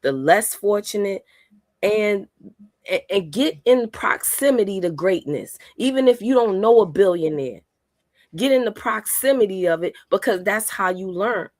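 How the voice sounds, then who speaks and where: A woman's voice: mid-range voice, lively intonation, a little slow, no room sound. A woman talking earnestly on a podcast, rambling and restarting her sentences. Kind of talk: casual chat.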